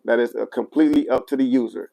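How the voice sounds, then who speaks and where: A man's voice: mid-range voice, fairly even intonation, quick pace, gravelly, dull audio. Chatty livestream seller, a man, answering comments while he demos gear. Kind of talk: casual product demo livestream.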